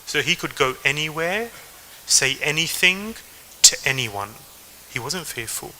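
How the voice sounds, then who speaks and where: A man's voice: fairly high pitch, expressive, measured pace, sharp tone, a little hiss or hum, poor audio. A man from England with an English accent, giving a devotional talk and telling stories to the audience. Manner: storytelling, addresses the audience directly. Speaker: temple speaker.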